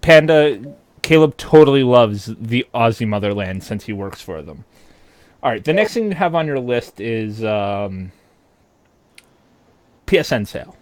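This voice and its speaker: A man co-hosting a gaming podcast, talking in a loud, profane, ranting way. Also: medium pitch, expressive, measured pace, long pauses, no echo. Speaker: podcast co-host. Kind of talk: casual chat.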